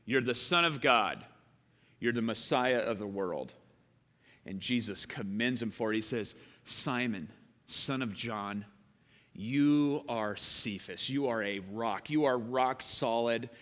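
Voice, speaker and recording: A man pastor preaching a sermon, swinging between loud emphatic bursts and quiet, low passages. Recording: long hall reverb.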